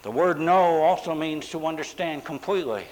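Emphatic preaching man, higher voice. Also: low-quality recording. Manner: emphatic preaching with dramatic pauses and drawn-out words. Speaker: pastor. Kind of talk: sermon.

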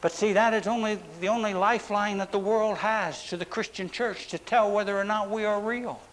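Emphatic preaching man, higher voice. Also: fairly even intonation, fairly bright tone, rough recording. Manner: emphatic preaching with dramatic pauses and drawn-out words. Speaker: pastor. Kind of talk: sermon.

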